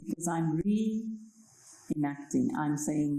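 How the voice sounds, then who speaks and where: A woman from Kenya giving a spiritual talk on meditation, slow and reflective, often checking in with her listeners. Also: lowish voice, warm tone. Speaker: meditation speaker. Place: library hall. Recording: echoey hall.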